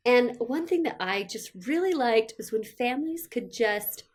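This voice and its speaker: A woman's voice: a little high, expressive, normal speed. Middle-aged woman, thoughtful podcast chat. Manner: warm, reflective, with frequent fillers. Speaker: podcast co-host.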